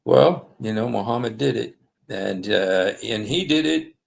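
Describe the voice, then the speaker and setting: A man hosting a livestream, reading passages aloud in a halting way, with many fillers and apologies. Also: lowish voice, expressive, vocal fry, slight background noise. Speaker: livestream host. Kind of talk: casual livestream commentary reading texts aloud. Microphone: desktop streaming mic.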